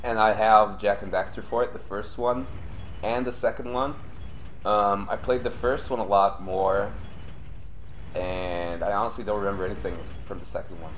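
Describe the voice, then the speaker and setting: A young man streaming live gameplay and commenting as he plays. He swears often and swings between low grumbling and sudden yelling. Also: fairly even intonation, normal speed, slight background noise. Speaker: streamer playing a horror game.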